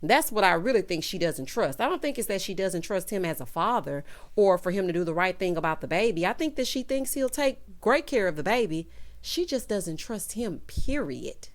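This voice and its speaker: A woman's voice: mid-range voice, moderate pace. Sassy woman recapping a TV episode. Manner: animated, sassy, talks straight to viewers. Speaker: TV recap vlogger. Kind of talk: casual opinionated recap.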